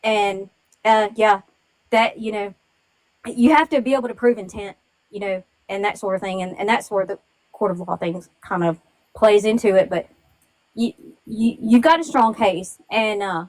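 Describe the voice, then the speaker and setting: A woman's voice: mid-range voice, normal speed, low-quality recording. A woman calling in to a livestream, speaking earnestly and emotionally in a rambling way. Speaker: caller on a livestream. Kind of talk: live-stream call-in.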